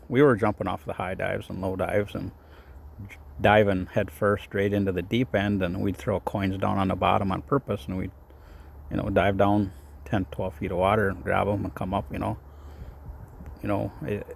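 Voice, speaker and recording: A man with a low, gravelly voice talks through a casual devotional message outdoors. His voice shakes a little from the cold and he rambles with many fillers. Faint outdoor noise sits behind him. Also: flat delivery, moderate pace. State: shaky voice from cold. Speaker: faith vlogger.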